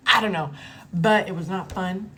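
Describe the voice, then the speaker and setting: A woman vlogger telling a personal story in a casual, animated way, cursing freely and acting out the quotes. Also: lowish voice, slight background noise. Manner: animated, profane, acts out the quotes.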